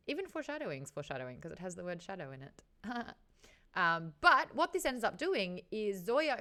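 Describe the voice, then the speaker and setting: A woman hosting a casual book discussion, chatty and animated, swearing freely and laughing often. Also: lowish voice. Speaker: host.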